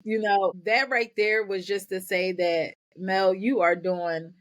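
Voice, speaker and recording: Give me a woman telling her own story on a podcast, energetic and quick, repeating words as she talks. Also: medium pitch. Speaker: podcast guest, nonprofit founder. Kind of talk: candid personal storytelling.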